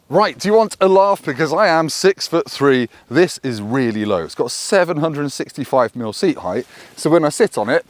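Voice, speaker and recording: Lively, joking man reviewing a motorbike. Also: mid-range voice. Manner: jokey, self-deprecating, rambling asides. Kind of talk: casual to-camera review. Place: outdoors beside a road.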